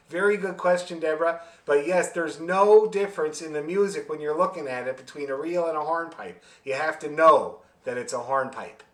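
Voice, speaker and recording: A man teaching a fiddle class over a video call, explaining rhythm in a friendly, joking way and singing the beats out loud. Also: on the high side, roomy sound. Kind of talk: online music lesson, explaining and demonstrating.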